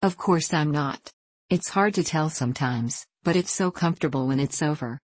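A woman voicing a young country girl who speaks plainly and earnestly, in a low voice. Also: moderate pace, no room sound. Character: frank, well-mannered country girl, earnest.

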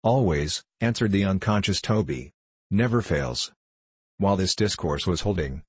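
Deep husky male storyteller. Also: no echo. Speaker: audiobook narrator. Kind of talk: classic novel reading.

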